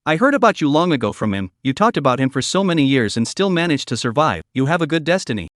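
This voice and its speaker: A man's voice: fairly high pitch, very animated, fast, a bit bright, no echo. A brash old martial emperor from a comic recap, blunt and teasing, as a man narrating puts him on. The voice is slightly raised and very dry, close to the mic.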